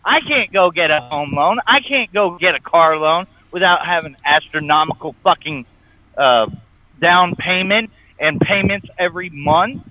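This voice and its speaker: A man's voice: sits high, a little slow, bright, forceful tone, no room sound, muffled recording. A man co-hosting a morning radio show, ranting bluntly and profanely in casual banter.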